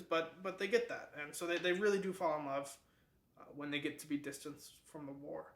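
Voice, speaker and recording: A man hosting a book club gives a loose, rambling summary. His voice is bright and a little high. The room has a lot of echo. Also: fairly quick. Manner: rambling, lots of fillers and restarts.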